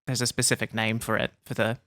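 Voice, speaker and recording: A man's voice: lowish voice, level tone, quick pace, a bit bright, a little hiss or hum. A man hosting a podcast, chatting casually and telling playful anecdotes. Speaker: podcast host. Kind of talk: casual chat.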